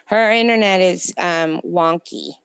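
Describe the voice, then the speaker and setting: A woman's voice: on the low side, measured pace, gravelly, clear, resonant tone, dry recording. A woman with a slight New Jersey accent, co-hosting a casual late-night live chat and rambling to viewers in the chat. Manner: chatty, rambling, answers viewer comments. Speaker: livestream co-host. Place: home in California at night.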